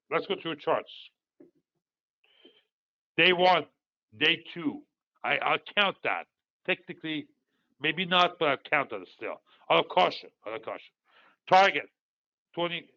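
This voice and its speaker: A man's voice: a little high, expressive, a little slow, gravelly, long pauses, muffled recording. A man in his sixties from Iran, host of a market commentary, talks casually and rambles through stories with many fillers. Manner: rambling, digressive storytelling with frequent fillers.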